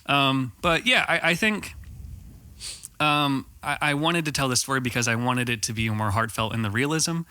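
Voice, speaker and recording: A man's voice: mid-range voice, normal speed, bright, forceful tone, clean tone, dry recording. A man on a podcast as a filmmaker guest, chatty and storytelling, full of "like" and "um". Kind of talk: casual podcast chat.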